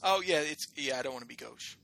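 Bright, gravelly man joking with friends. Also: mid-range voice, lively intonation, fast. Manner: mock-boastful, theatrical, joking. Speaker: podcast co-host. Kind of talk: casual chat.

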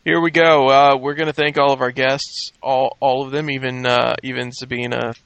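A weary man wraps up a casual podcast, his voice heavily gravelly and full of fry. He rambles and restarts his sentences. The sound is dry and close. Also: mid-range voice, little pitch movement, moderate pace, fairly bright tone, no echo. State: tired. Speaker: podcast host. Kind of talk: casual chat.

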